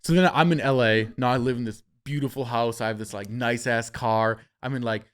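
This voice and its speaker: A man's voice: mid-range voice, fairly quick, smooth. Swearing storyteller man on a podcast. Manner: animated, swears freely, acts out quotes. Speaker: podcast host.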